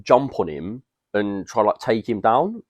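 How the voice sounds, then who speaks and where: Young male podcast co-host, low voice, dry close sound, rambling casual storyteller. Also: unhurried, dry recording, dull audio. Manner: rambling, animated, slangy storytelling.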